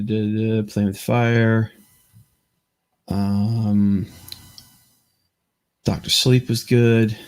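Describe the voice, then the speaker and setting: A man's voice: fairly low pitch, darkish tone. Rambling, stammering podcast host man. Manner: rambling, stammering, lots of fillers. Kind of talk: casual chat.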